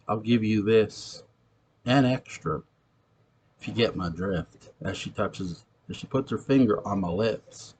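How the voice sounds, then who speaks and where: A man's voice: mid-range voice, darkish tone, a little hiss or hum. A young man with a New York accent, playing an ex-convict who tells a streetwise, profane story of a ghostly encounter in a gritty manner. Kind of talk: acted monologue, recounting a tale.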